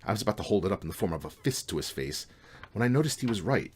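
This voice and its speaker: A man's voice: on the low side, big pitch swings, very fast, slight background noise. A man reading his own novel aloud in a casual, wry way. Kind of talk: audiobook reading.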